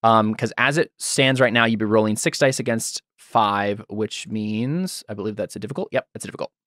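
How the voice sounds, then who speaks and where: A man's voice: fairly low pitch, fairly quick, a bit bright, dry recording, clean studio sound. A man running a tabletop game as game master, patiently explaining the rules with frequent ums and restarts.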